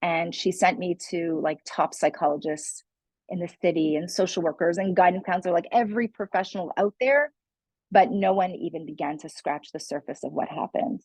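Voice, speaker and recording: A woman's voice: lowish voice, brisk, darkish tone, no echo, poor audio. A young adult woman, a guest speaker, telling her personal story in a candid, earnest way with many "like" and "you know" fillers. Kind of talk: personal testimony in a conversation.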